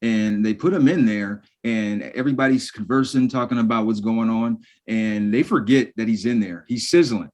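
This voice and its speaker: Laid-back, low-voiced man podcaster. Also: moderate pace, hardly any pauses, darkish tone. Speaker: podcast co-host. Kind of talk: casual chat recapping a sitcom episode.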